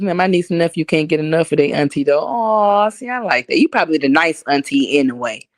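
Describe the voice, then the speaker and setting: Animated New York woman streamer, lots of laughter. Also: deep voice, no echo. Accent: New York with some Southern drawl. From Harlem, New York. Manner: blunt, animated, laughs often, slangy. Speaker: livestream host reading chat comments. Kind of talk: casual livestream chat. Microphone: phone.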